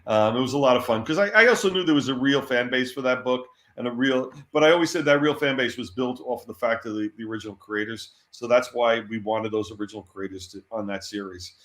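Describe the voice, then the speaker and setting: A man being interviewed, telling animated anecdotes and laughing often. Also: mid-range voice, fast, few pauses. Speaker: interview guest. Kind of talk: storytelling in an interview. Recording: roomy echo.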